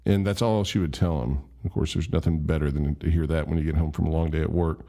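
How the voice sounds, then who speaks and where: Deep-voiced man telling a story. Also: steady tone, quick pace, warm tone. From Memphis, USA. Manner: rambling, self-deprecating. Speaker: vlogger. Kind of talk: casual storytelling.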